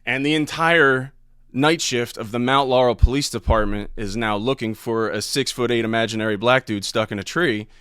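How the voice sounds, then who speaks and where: A man's voice: mid-range voice, normal speed, fairly bright tone, smooth, no echo, studio quality. A man who does stand-up, telling a story as a podcast guest in a laid-back, profane way. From Ohio. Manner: laid-back, profane, laughs between lines. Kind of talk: casual storytelling.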